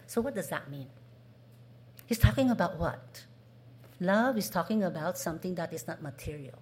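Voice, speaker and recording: A woman's voice: on the low side, expressive, moderate pace, long pauses, darkish tone. A woman preaching a sermon, asking the congregation questions and acting out what people say. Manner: asks the congregation questions, acts out quoted voices.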